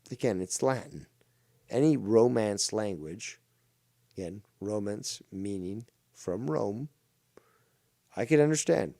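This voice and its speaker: A man's voice: fairly low pitch, dark tone, dry recording, clean studio sound. A man from Ontario, hosting a ranting commentary show with a mocking, profane, insulting manner. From Ontario, Canada.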